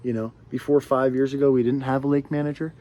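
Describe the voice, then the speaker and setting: A man's voice: medium pitch, little pitch movement, fast talker, dark tone, highs cut off, slight background noise. A young man in his twenties, ranting to camera in a rambling way with lots of fillers and restarts. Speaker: vlogger. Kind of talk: ranting monologue.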